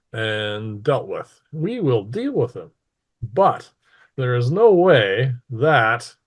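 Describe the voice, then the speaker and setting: A man voicing a menacing tyrant queen. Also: mid-range voice. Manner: smug, menacing, slow and deliberate. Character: cold, scheming female ruler who threatens townsfolk.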